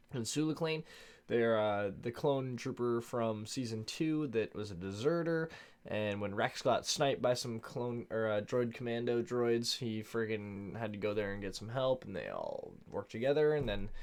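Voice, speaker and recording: A tired man talks his way through a show recap late at night and yawns along the way. His delivery is loose and rambling, full of slang, and it keeps drifting off topic before he pulls it back. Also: medium pitch. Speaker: show reviewer. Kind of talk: casual recap chat.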